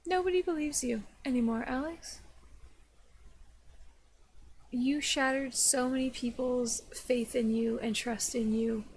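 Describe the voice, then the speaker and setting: A woman's voice: fairly high pitch, a little hiss or hum. A woman delivering blunt, sarcastic reaction commentary. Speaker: commentary YouTuber.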